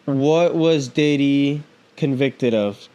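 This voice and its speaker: A man's voice: mid-range voice, takes it slowly, dark tone, clear, resonant tone, muffled recording. A man hosting a podcast, ranting in a casual, heated monologue full of profanity and slang. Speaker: podcast host.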